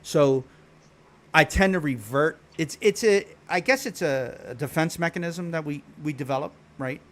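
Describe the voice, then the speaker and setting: A man's voice: fairly high pitch, normal speed. Slangy Philadelphia streamer man. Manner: slangy, laid-back, explanatory, swears casually. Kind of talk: casual chat. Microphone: streaming microphone.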